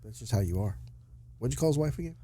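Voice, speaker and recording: A man's voice: mid-range voice, expressive, fast, dark tone, breathy edge, dry recording. A young man co-hosting a podcast, chatting casually in a blunt, profane way. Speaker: podcast co-host. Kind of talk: casual banter.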